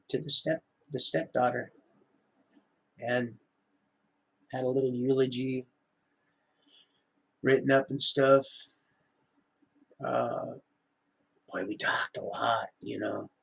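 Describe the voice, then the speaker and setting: A man's voice: medium pitch, flat delivery, slow, creaky, pauses often, a bit bright, breathy edge. A middle-aged man rambling through a live-stream monologue, often wandering off topic. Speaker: livestreamer.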